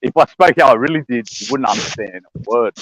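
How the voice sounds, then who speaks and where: A man's voice: medium pitch, fast, fairly bright tone, no echo, poor audio. A tired man, chatting casually and laughing easily. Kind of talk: casual chat.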